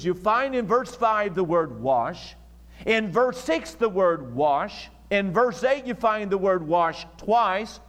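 A man preaching a sermon as pastor, stressing key words slowly and emphatically, recorded in a church. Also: high-pitched. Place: church sanctuary. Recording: archival church recording with long reverb.

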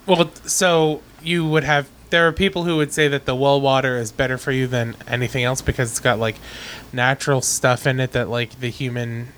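A man's voice: mid-range voice, flat delivery, moderate pace, fairly bright tone. A man co-hosting a podcast, chatting casually, often laughing and using lots of fillers. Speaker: podcast co-host. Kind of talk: casual chat.

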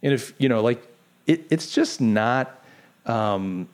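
Middle-aged male podcast host, mid-range voice, animated and sarcastic, casual commentary. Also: mid-range voice, slow pace. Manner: animated, sarcastic, rhetorical questions.

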